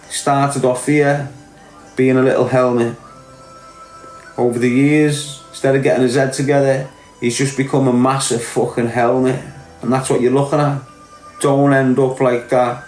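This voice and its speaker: Middle-aged Liverpool man, podcast host, blunt and sweary, lecturing tone, mid-pitched voice, roomy echo and faint music. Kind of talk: unscripted monologue to camera.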